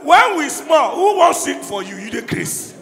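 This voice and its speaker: Loud Nigerian Pidgin comedian in an echoey hall. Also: male voice, extremely high pitch, big pitch swings, measured pace. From Anambra State, Nigeria. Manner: loud, shouting punchlines in Pidgin. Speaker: stand-up comedian. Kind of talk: stand-up comedy. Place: live comedy show in a large hall. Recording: echoey hall, crowd noise. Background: crowd laughing and cheering.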